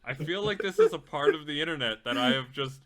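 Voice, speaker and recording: A man's voice: fairly high pitch, lively intonation, fairly quick, fairly bright tone. A man playing a tabletop game, making wry remarks and laughing often in casual chat. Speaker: player. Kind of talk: casual chat between players.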